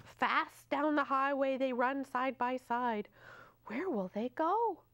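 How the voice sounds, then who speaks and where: Slow sing-song woman librarian. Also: high voice, fairly bright tone, no echo. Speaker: children's librarian, storytime host. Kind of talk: reading a picture book aloud to children.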